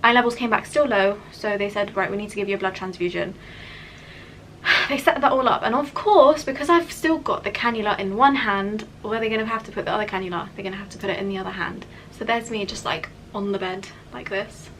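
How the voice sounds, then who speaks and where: A woman's voice: mid-range voice, fairly quick, fairly bright tone, slight background noise, rough recording. A young woman telling a personal story in a candid, chatty vlog, with many "like" fillers. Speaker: vlogger.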